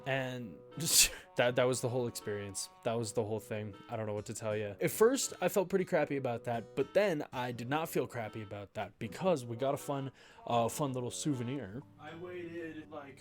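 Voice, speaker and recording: A man's voice: mid-range voice, moderate pace, faint music behind. Young man rambling through a story. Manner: rambling, filler-heavy retelling. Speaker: vlogger. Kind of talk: casual storytelling.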